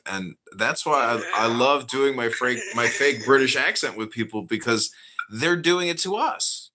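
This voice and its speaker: A man hosting a podcast in casual chat, animated and mocking, often slipping into put-on voices. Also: medium pitch, moderate pace. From United States. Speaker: podcast host.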